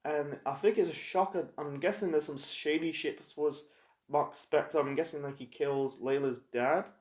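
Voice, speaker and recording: A man casually reviewing a TV episode, rambling and halting with lots of fillers and restarts. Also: a little high, fairly even intonation. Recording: echoey room.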